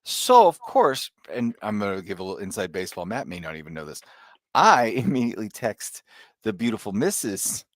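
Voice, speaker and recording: Low-voiced guy telling a story on a podcast, acting out texts, really animated. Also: a little fast, no room sound, studio quality. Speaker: podcast co-host. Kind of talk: casual chat.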